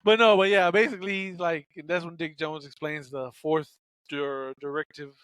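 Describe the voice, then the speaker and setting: High-voiced, jokey male podcast co-host. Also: steady tone, normal speed, a bit bright, smooth, dry recording, clean studio sound. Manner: jokey, chatty, shares trivia, acts out quotes. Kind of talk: casual film recap chat.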